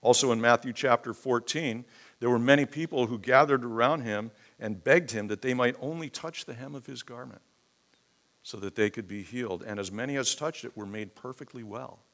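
A man's voice: mid-range voice, normal speed, a bit bright. A man preaching a conversational sermon, teaching from scripture with sudden emphatic outbursts.

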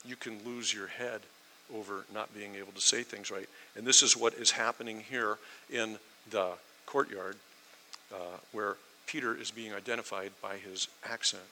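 A man's voice: lowish voice, steady tone, moderate pace, sharp tone, low-quality recording. A middle-aged man preaching a sermon, telling stories with emphasis. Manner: storytelling, emphatic. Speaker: pastor.

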